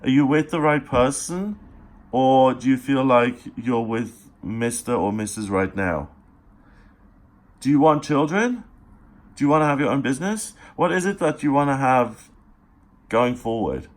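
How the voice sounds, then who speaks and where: A man's voice: mid-range voice, lively intonation. Earnest, encouraging male tarot reader. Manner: earnest, encouraging, speaks straight to the listener; unhurried, with pauses and fillers. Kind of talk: daily tarot reading monologue.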